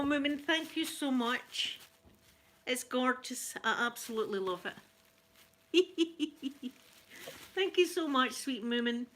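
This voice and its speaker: Excitable Scottish woman unboxing gifts. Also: high voice, takes it slowly, pauses often, slight background noise. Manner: gushing, excitable, laughs often; mixes soft near-whispers with excited exclamations. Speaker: ASMR vlogger. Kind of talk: casual unboxing chat.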